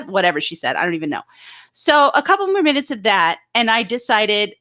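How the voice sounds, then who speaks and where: Bright-voiced indignant woman co-host. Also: fairly high pitch, a little fast. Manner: animated, indignant storytelling with mocking impressions. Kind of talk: casual live-stream chat.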